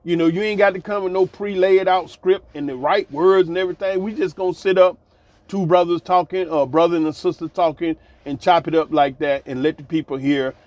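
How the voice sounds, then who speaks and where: A man's voice: sits high, fairly even intonation, a little fast, darkish tone, no room sound. Chatty host who laughs as he tells stories, lo-fi dry sound. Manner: laughing, colloquial, repeats phrases. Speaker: channel host. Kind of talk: casual storytelling monologue.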